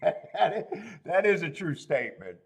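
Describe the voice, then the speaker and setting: A man hosting a horse racing betting livestream, thinking aloud through the odds and cracking himself up with loud bursts of laughter. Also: on the high side, big pitch swings, measured pace, creaky, husky. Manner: thinks aloud, laughs at his own jokes; loud bursts when amused. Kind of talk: casual livestream handicapping commentary.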